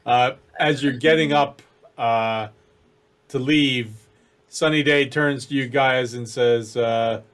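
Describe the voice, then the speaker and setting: Man, dungeon master, casual tabletop narration, mid-pitched voice. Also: steady tone, takes it slowly, a bit bright.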